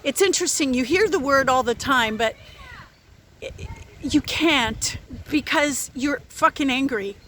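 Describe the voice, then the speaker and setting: A woman with a high, bright voice talks intensely to the camera about inner growth. She is blunt and emphatic, and she swears freely as she drives each point home. A faint hiss sits under the recording. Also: measured pace. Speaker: spiritual vlogger. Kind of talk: unscripted spiritual talk to camera.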